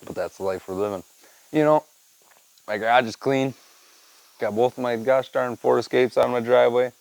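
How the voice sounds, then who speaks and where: The host's mid-range voice has vocal fry and a darkish tone, with fairly even intonation and a moderate pace. He chats through stories on his podcast in a rambling, profane, easygoing manner, peppered with "man" and "dude." Audio quality is poor.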